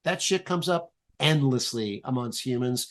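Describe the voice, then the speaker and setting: A man guest on a podcast, explaining an improv exercise in a playful, animated way and swearing casually. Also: mid-range voice, normal speed.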